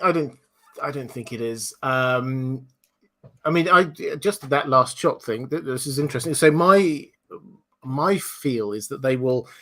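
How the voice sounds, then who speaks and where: A man's voice: medium pitch, a bit bright. Hesitant male livestream host. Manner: musing, hesitant, many restarts. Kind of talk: casual livestream chat.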